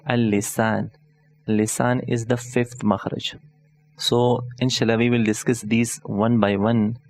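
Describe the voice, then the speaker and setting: A man teaching an online lesson in a patient, deliberate way, going over each point again and again. His voice sits in an ordinary middle pitch. The sound is close and dry, with no room echo. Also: darkish tone. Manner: patient, repeats each point several ways; spells out terms slowly and deliberately. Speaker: online Quran tutor. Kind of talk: explanatory lesson.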